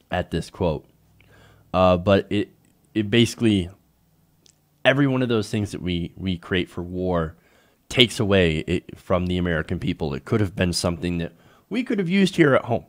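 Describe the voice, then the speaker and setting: A young man hosts an online political commentary show in a loose, opinionated, conversational way. He hesitates and restarts often. His pitch rises and falls in a lively way as he talks.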